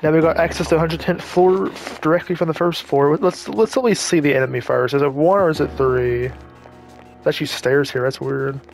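A man giving casual let's-play commentary, rambling and chatty with frequent self-corrections and quick asides. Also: fairly high pitch, fairly even intonation, vocal fry, faint music behind. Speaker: gaming YouTuber.

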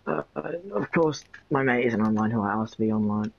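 A man's voice: lowish voice, brisk, vocal fry. A man chatting casually while playing a game with a friend, teasing often and laughing. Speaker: gaming channel host. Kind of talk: casual gameplay chat with a friend. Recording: dull lo-fi recording.

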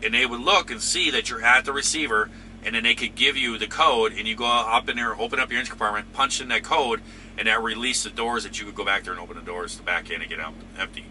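A man's voice: medium pitch, quick pace, sharp tone, a little hiss or hum. A man hosting a trucking channel, chatting casually and rambling through viewer comments with lots of fillers.

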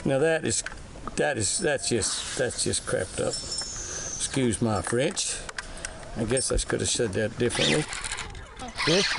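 Older guy fishing out on a boat, folksy and chatty, gravelly voice that swoops all over, lots of boat and water noise behind. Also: medium pitch, animated, slow pace. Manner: folksy, chatty, laughs often, exclaims loudly at fish. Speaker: fishing show host. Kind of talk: excited on-the-water commentary.

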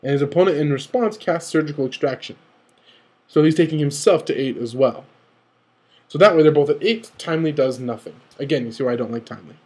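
This young card game commentator has a fairly high, slightly rough voice and gets excited analyzing the game. He rambles eagerly, rushes ahead, and corrects himself often.

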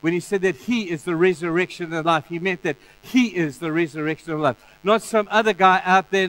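A male pastor preaching a sermon in an animated way, acting out the stories in different voices. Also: high-pitched, a little hiss or hum, low-quality recording.

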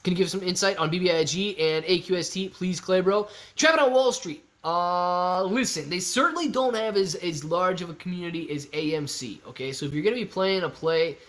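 A young man hosts a casual live stream, reading out viewer comments and bantering with them. His delivery is loose, animated and joking, and his voice sits somewhat high for a man. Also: a little fast, few pauses. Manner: animated, loose and joking, reads chat aloud. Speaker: livestream host.

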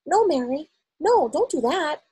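A woman reading aloud, voicing a startled but commanding queen who speaks sharply and with regal crispness. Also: high-pitched, sing-song, a little slow, mellow, pitched above the performer's own voice, heavily acted.

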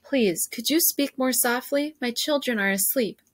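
Storybook mother, soft-spoken but firm, protective, voiced by a woman reader, dry sound. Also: mid-range voice, moderate pace, no echo, lightly acted. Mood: calm. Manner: quiet, polite, firm. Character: calm protective mother in her thirties.

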